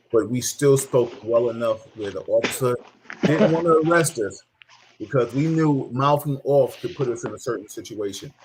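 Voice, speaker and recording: A man's voice: mid-range voice, a little hiss or hum. A middle-aged man hosting a casual talk show, telling stories animatedly, laughing and mimicking people. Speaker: host.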